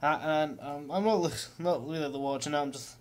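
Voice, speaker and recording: A man's voice: fairly high pitch, fairly quick. Rambling, sweary Scottish man vlogging. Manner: rambling, sweary, lots of fillers; self-mocking with chuckles. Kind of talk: casual diary vlog.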